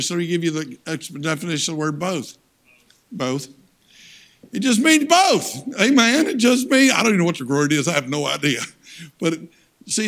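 An older man, preaching a sermon as a guest speaker, telling folksy stories and calling out for amens. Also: high-pitched. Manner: animated, folksy storytelling with audience call-outs.

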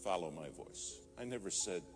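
A man's voice: low voice, expressive, normal speed. A man preaching a sermon, telling a story and rising to fervent emphasis. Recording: music playing behind.

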